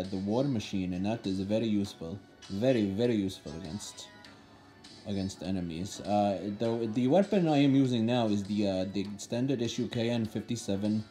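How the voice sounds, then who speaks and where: A man's voice: lowish voice, warm tone, natural voice. Brief: goofy gamer voice in an exaggerated Indian accent, put on by a man, loose and cursing. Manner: loose, jokey, sometimes cursing. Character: young man faking a heavy accent while gaming. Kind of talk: gameplay commentary.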